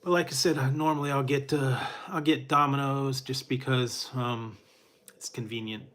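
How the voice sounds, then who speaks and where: A man's voice: mid-range voice, fairly even intonation, normal speed, a bit bright. A middle-aged man hosting a casual chat with his live viewers, rambling in a laid-back way with frequent chuckles and fillers. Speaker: food reviewer.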